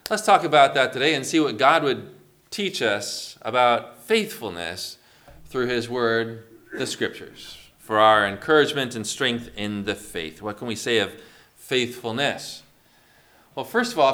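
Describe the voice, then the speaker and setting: Bright-voiced man preaching a sermon. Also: medium pitch, expressive, unhurried. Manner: asks the congregation questions, calls on members by name. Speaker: pastor.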